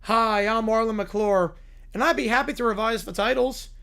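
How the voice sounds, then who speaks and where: A hoarse man voicing a pompous, slick male cartoon actor who announces himself slowly. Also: sits high, fairly bright tone. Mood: smug. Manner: slow, announcing.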